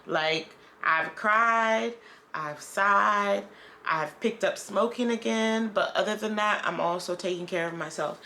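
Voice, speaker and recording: A woman's voice: mid-range voice, slow, pushed and bright, a little hiss or hum. A woman vlogger talking candidly in a casual, rambling video diary.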